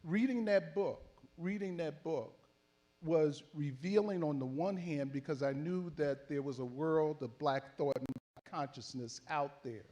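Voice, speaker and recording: An older man from Philadelphia, an elder activist telling his story slowly and reflectively in an oral history conversation, with many pauses and fillers. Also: on the high side, a little mellow. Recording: handheld mic in a panel setting.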